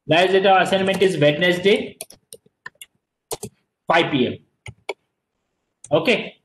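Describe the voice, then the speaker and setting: A man's voice: sits high, takes it slowly, fairly bright tone, slight background noise. A man with an Indian accent teaching an online class, mixing Hindi and English and repeating his words. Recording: echoey room.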